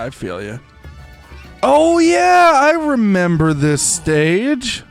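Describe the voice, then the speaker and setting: Chatty young male gaming streamer. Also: a little high. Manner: rambling, chatty, lots of fillers. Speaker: livestreamer. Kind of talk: casual chat while gaming.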